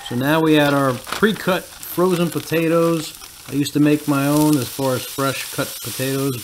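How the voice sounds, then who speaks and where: A man talks through his outdoor cooking in an easygoing, matter-of-fact voice of middle pitch. He drops in small practical tips as he goes. Clear noise sits behind him the whole time. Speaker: cooking vlogger. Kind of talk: voice-over narration.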